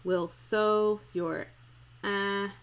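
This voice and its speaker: An unhurried woman talks through a verse speech like a casual live-stream acting lesson. Her pitch sits in an ordinary middle range, and she stretches lines out word by word to feel the meter, with a chatty, irreverent edge. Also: fairly even intonation, clean tone. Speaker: acting coach streaming a script analysis.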